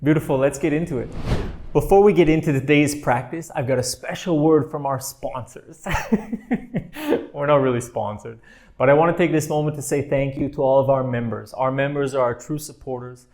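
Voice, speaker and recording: Gentle, playful male meditation teacher. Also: medium pitch, normal speed. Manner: gentle, playful, laughs often. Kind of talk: guided meditation class.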